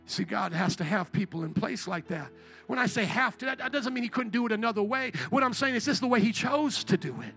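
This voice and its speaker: A man preaching a sermon to a congregation, telling stories with joking asides, calling for responses and shouting at the peaks of praise. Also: high-pitched, lively intonation, quick pace, gravelly, soft background music. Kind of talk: sermon with storytelling. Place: church before a congregation.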